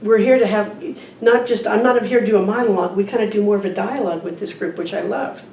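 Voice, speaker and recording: A woman speaks fast in a mellow, medium-pitched voice, reading a picture book aloud as part of an informal sermon where she's a guest speaker at church. Her manner is conversational, and she asks the audience questions. Slight background noise, faint ambience, an echoey room and a distant mic mark the recording.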